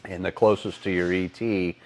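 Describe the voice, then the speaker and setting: A man's voice: low voice, level tone, moderate pace, a little mellow. A man hosting a casual podcast, explaining cylinder heads and drag racing in a rambling way full of fillers, wearing a collar mic. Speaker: podcast host and engine builder. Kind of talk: casual shop-talk podcast. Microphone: clip-on collar mic.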